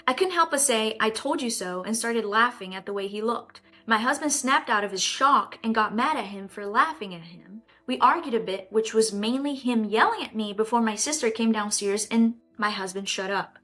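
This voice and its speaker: A woman's voice: mid-range voice, expressive, moderate pace, sharp tone, faint music behind. A woman hosting a casual storytime video, reading a post aloud and breaking in with indignant, joking comments to her viewers. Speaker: storytime host.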